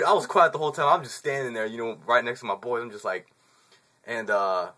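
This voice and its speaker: Male, 20s, vlogger storyteller; bright, tense tone, casual profane slang. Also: medium pitch, a little fast. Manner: profane, laid-back slang, chuckles through the telling.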